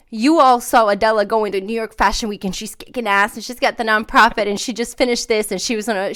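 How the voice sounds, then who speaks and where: A woman hosting a podcast, telling candid, animated stories in a casual interview chat. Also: mid-range voice. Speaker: podcast host.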